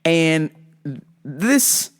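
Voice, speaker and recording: A woman's voice: deep voice, lively intonation, extremely slow, clean tone. A woman hosting a podcast, telling stories in a profane, ranting way. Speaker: podcast host. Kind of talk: casual profane storytelling.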